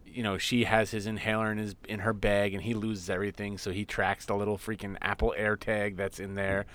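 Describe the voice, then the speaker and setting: Profane storytelling man, low voice. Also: flat delivery, brisk, fairly bright tone. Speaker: podcast co-host. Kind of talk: casual chat.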